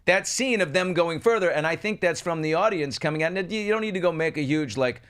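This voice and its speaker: A man's voice: on the high side, brisk, a bit bright. A man co-hosting a talk show, chatting casually in a playful, gossipy way.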